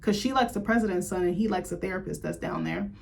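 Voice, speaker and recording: A woman's voice: on the low side, wildly swooping pitch, fast talker, a little mellow. Chatty, profane woman recapping an episode. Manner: chatty, profane, heavy use of "like". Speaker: show reviewer.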